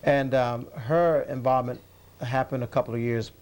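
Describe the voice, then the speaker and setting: A man, a bishop, answering interview questions in a measured, thoughtful way with frequent hesitations. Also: mid-range voice, fairly even intonation, a little mellow.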